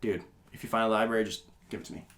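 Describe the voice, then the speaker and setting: A man's voice: lowish voice, fairly even intonation, very fast, fairly bright tone. A young man hosting a podcast, chatting casually in a rambling, laid-back way. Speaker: podcast host. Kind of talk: casual chat.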